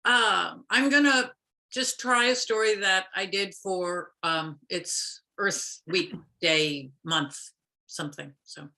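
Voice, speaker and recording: A woman's voice: medium pitch, takes it slowly, pushed and bright. A woman storyteller telling a folk tale expressively over a video call, with playful sound effects.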